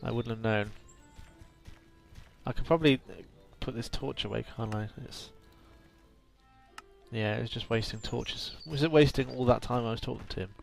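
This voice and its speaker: A man's voice: medium pitch, normal speed, vocal fry, long pauses, faint music behind. A man commentating on his own gameplay with dry, self-mocking asides. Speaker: let's play host. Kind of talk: game commentary.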